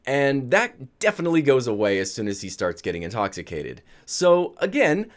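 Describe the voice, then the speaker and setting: A man's voice: mid-range voice, sing-song, fast, hardly any pauses. A man telling a funny personal story in a casual vlog, laughing as he goes. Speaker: vlogger.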